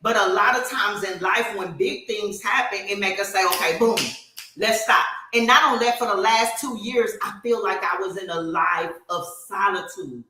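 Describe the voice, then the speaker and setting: A woman chats on a podcast, her voice bright and forward. She tells stories with animated energy and frequent fillers. The room around her is echoey. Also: mid-range voice, moderate pace, hardly any pauses. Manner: animated storytelling with many fillers. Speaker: podcast co-host. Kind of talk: casual podcast chat.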